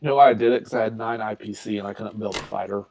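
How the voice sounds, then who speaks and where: A man's voice: on the low side, steady tone, very fast, vocal fry, darkish tone, a little hiss or hum. A man in his thirties chatting casually while playing a strategy board game, explaining and justifying his moves in an easygoing way. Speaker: co-host and player. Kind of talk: casual gameplay chat.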